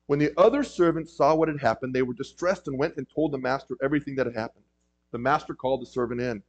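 A man's voice: mid-range voice, fast. A man preaching a sermon in a conversational way, with frequent ums and emphatic rises. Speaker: pastor. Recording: dull lo-fi recording.

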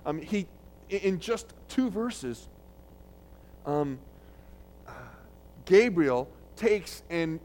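A man preaching a sermon in a conversational way, restarting phrases and getting loud when he quotes scripture. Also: fairly high pitch. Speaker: pastor.

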